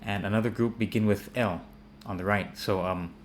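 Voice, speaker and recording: Low-voiced man teaching English casually. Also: moderate pace, a little hiss or hum. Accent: American. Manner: relaxed, many fillers and repeated words. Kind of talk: casual spoken English lesson.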